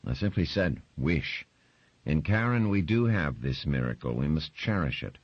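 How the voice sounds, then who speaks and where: A man voicing a stern older patriarch who lays down the law in a firm, measured way, in a dry, slightly muffled recording. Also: a bass voice, expressive, no room sound, heavily acted.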